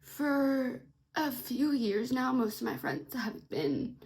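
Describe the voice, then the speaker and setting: A young woman with a high, bright voice tells a story to her camera, tearful and snotty from crying. She rambles with plenty of likes and ums and sounds shaken. Recorded at home on a simple camera mic. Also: big pitch swings, slow pace. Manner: shaken, rambling, many fillers. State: tearful, sniffly. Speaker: vlogger. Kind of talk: emotional storytime vlog.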